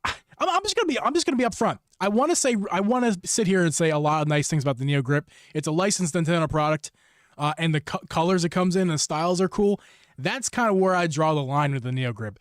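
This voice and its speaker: A man hosting a casual live stream about game accessories, rambling and interrupting himself, with enthusiastic shout-outs to viewers. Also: fairly high pitch, lively intonation, fast talker, dry recording, studio quality. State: hot and sweaty. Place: room at home. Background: background music.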